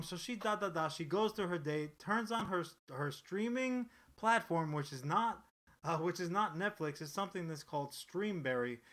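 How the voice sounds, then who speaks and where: A man with a slightly high, sharp and tense voice chats casually as a podcast co-host. He rambles through the story, swears freely and keeps restarting his sentences. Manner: rambling, profane, animated storytelling with frequent restarts. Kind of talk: casual chat.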